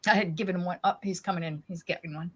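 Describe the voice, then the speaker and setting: A woman's voice: lowish voice, steady tone, quick pace, a bit bright, husky. Chatty woman hosting a livestream. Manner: chatty, laughs often, trails off and restarts. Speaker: livestream host. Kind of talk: casual chat on a livestream.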